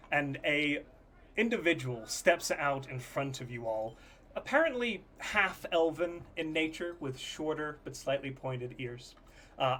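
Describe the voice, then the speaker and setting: There's a faint hiss or hum behind this man's mid-range voice. He's the game master of a tabletop game, describing scenes casually with plenty of fillers.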